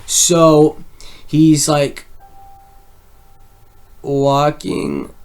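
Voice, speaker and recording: A man's voice: on the high side, big pitch swings, extremely slow. A man casually recapping a film, rambling, swearing often and leaning on "like" as a filler. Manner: rambling, swears a lot, heavy use of "like". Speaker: film reviewer.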